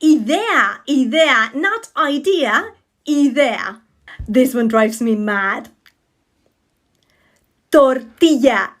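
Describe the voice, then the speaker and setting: A woman's voice: a little high, expressive, drawn-out words, long pauses. A woman giving a short pronunciation lesson, correcting words in an emphatic, playful way. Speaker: Spanish teacher.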